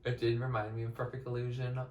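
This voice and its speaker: A young man giving casual, excitable reaction commentary as a music reaction host, now and then singing snippets along. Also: medium pitch, fast, slight background noise. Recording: roomy, a bit distant from the mic, faint music.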